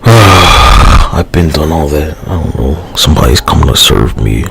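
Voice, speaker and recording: A man's voice: rumbling low, lively intonation, unhurried, vocal fry, noisy background. A man live streaming, rambling loosely in a casual, profane, slangy way. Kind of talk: rambling casual livestream talk.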